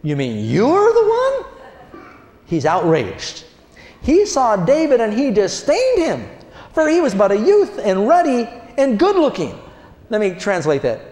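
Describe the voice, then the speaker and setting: A male preacher giving an animated sermon, telling the story with acted-out voices and questions to the congregation. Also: high-pitched, unhurried. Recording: echoey hall.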